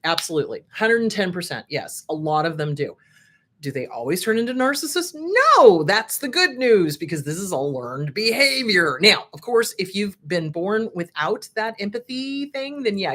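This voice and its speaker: A middle-aged woman therapist hosting a casual advice talk, frankly riffing on a list she reads out. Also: on the low side. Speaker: host, therapist.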